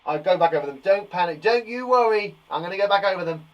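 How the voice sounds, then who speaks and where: A man's voice: high voice, animated, fast talker, dull audio. A man teaching young children maths in a chatty, reassuring live lesson. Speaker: primary school teacher.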